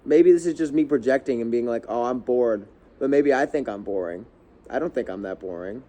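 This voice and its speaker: A man's voice: mid-range voice, a little fast, dark tone. A young man ranting casually to camera as a vlogger, heated and rambling, swearing often and restarting his sentences.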